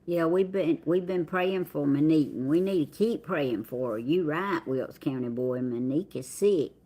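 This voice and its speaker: A low, mellow voice at a moderate pace belongs to a middle-aged woman with a Southern US accent. She hosts a livestream, greeting viewers in relaxed live chat and reading their names aloud with a drawl.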